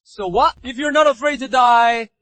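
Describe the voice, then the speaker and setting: A man voicing a cocky young hero in a dubbed drama, taunting his enemies in a slow, deliberate way. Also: very high voice, a bit bright, no room sound. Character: young man turned cocky healer-fighter.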